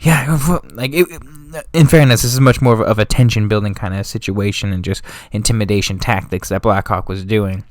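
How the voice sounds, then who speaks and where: A man's voice: fairly low pitch, steady tone, a little fast, hardly any pauses, dry recording, studio quality. A man casually explaining history as a channel host, in a slangy, rambling way with frequent self-corrections. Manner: slangy and offhand, drifting into street talk.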